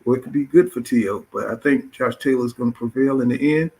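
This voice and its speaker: Middle-aged male boxing host, loose and profane, mid-pitched, fillers in every sentence. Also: fast talker, darkish tone, poor audio. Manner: profane, filler-heavy, says "you know what I'm saying" constantly. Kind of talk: casual boxing talk.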